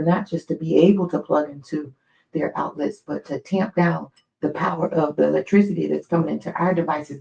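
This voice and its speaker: Gravelly-voiced woman telling stories on stream. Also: low-pitched, muffled recording. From United States. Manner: chatty, digressive, animated storyteller. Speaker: live stream host. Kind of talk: casual storytelling on a live stream.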